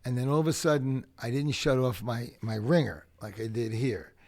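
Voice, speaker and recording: A man from the Bronx with a gravelly edge, talking at an everyday mid pitch. He tells his stories with animated, profane energy and acts out the people in them. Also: normal speed. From the Bronx, New York. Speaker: podcast guest, punk rock singer. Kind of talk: casual storytelling interview.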